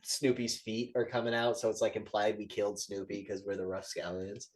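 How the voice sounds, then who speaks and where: A man co-hosting a casual movie review podcast, retelling scenes in an animated, profane way and laughing often. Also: lowish voice, brisk. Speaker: podcast co-host.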